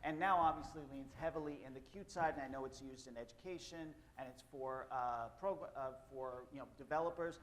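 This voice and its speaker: A man's voice: medium pitch, brisk, hardly any pauses, a little hiss or hum. A man moderating a live panel on stage, talking loosely with many fillers as he directs guests and asks questions.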